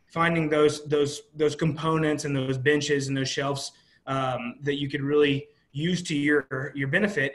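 A man's voice: fairly high pitch, a bit bright. A man from Virginia speaking as a panelist on a video call, easygoing and repeating his words as he goes.

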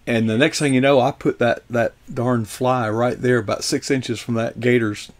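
A show host with a steady, medium-pitched voice rambles through his childhood memories at a moderate pace during a casual interview chat.

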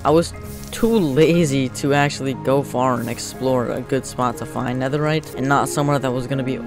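A young man commentating his game as he plays, excitable and joking, taunting the creatures he fights. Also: mid-range voice, a little fast, music in the background. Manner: excitable, joking, talks to mobs. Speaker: gamer. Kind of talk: let's play commentary.

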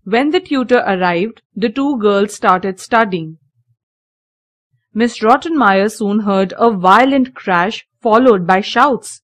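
A woman reading a children's story aloud, slow, clear and deliberate. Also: medium pitch, no room sound.

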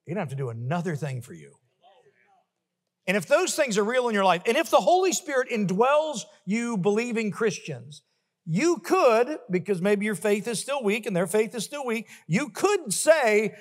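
A male pastor preaching a sermon emphatically, building to forceful refrains. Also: sits high, big pitch swings, moderate pace, in a large hall. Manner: emphatic, rising to forceful peaks with repeated refrains. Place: church sanctuary.

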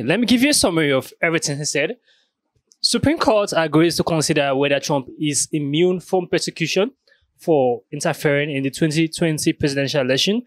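A man's voice: a little high, dry recording. A man hosting a reaction video, summarizing a clip in a casual way and piling up emphatic repeats. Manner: repetitive, stacking emphatic repeats. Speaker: reaction channel host.

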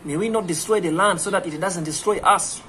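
A man's voice: sits high, fairly quick, sharp tone, slight background noise. A man with an East African accent giving an impassioned, rhetorical speech full of repeated questions. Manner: rhetorical, repetitive, preacherly. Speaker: speaker.

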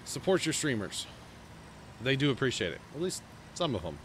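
A man hosts a gaming livestream, talking in a loose, rambling way as he chats with friends and thanks his viewers. His voice sits at an ordinary middle pitch. A faint hiss runs underneath. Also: sing-song, moderate pace. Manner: rambling, chatty, thanks subscribers. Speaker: streamer host. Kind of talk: casual livestream chat.

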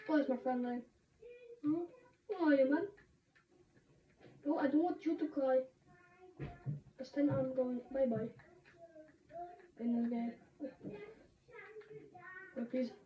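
A woman streaming a game, chatting excitably with sudden shouts and laughs. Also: high-pitched, slow pace, pauses often. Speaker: gamer streaming a match. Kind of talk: excited gaming commentary. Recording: roomy, distant, dull lo-fi sound with faint noise.

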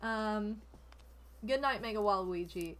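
A woman's voice: medium pitch, expressive, a little slow, bright, forceful tone. A woman streamer chatting casually while she plays, rambling with lots of "like" and gushing thanks to donors. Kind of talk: casual gameplay chat. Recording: music playing behind.

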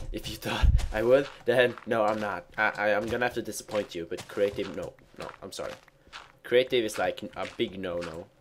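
A man's voice: lowish voice, normal speed, a little hiss or hum. A man giving casual let's play commentary while he plays, rambling and mocking himself with stumbling restarts. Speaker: gamer.

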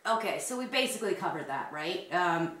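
A woman's voice: fairly low pitch, animated, fairly quick, a bit bright. A woman hosting a crochet video, chatting casually, rambling and laughing often. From Canada. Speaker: crochet channel host. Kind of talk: casual chat. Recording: roomy, distant mic.

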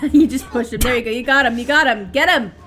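A woman's voice: on the high side, fairly quick. A young woman co-hosting a let's play, giggling and cheering the player on in casual chat. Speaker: co-host watching gameplay. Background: game music.

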